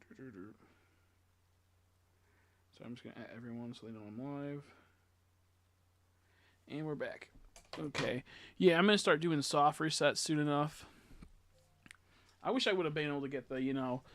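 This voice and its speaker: A man streaming a video game live, muttering to himself as he plays, swearing a lot and breaking into frustrated shouts. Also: on the high side, normal speed, pauses often, a little hiss or hum. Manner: mutters and talks to himself while playing. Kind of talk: live gameplay commentary.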